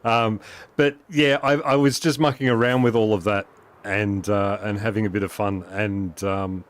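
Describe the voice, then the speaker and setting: On a gaming livestream, a man talks in a lowish voice with fairly even intonation at normal speed. His chat is casual and rambling, full of fillers and restarts, and he chuckles frequently.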